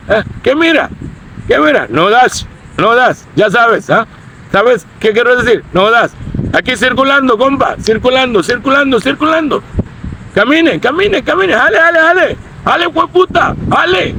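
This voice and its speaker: A man's voice: very high-pitched, a little hiss or hum, voice pushed up, full character voice. A man putting on a brash street tough. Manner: shouting slang, quick challenges. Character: rough loud-mouthed male street tough, picking fights.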